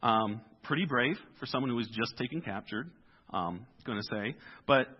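A man preaching a conversational sermon, telling a scripture story in a lively, animated way and acting out the characters in casual voices. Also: medium pitch, normal speed, breathy edge. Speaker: pastor. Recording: dull lo-fi sermon recording.

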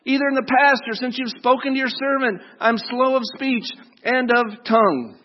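A man's voice: very high-pitched, normal speed, big-room sound, muffled recording, pitched above the performer's own voice. A man voicing a reluctant, anxious man who pleads and makes excuses, in a whiny tone. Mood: pleading.

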